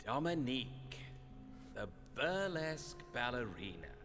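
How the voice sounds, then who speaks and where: An actor playing a grave, sardonic male narrator in a murder mystery game, with a measured, dry delivery. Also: mid-range voice, big pitch swings. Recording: long reverb over loud music. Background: game music.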